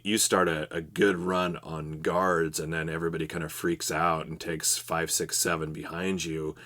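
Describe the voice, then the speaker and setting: A man co-hosting a podcast, giving steady advice in a casual explanatory way. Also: sits low. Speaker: podcast co-host.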